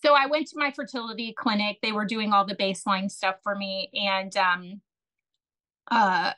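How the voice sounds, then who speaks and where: A woman telling a long personal story as a podcast guest, chatty and animated, with many fillers and restarts. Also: mid-range voice, normal speed. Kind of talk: casual storytelling.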